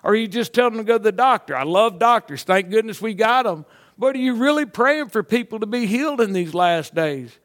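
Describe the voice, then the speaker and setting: A man's voice: sits high, animated, fairly quick, a bit bright. A middle-aged man, a pastor preaching a sermon with folksy stories that build to fervent exhortation. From Mississippi.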